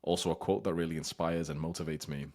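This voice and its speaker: A man's voice: extremely low pitch, fairly even intonation, quick pace, a little mellow. A young man giving blunt, casual advice as host, swearing freely and now and then acting out whiny, childish voices.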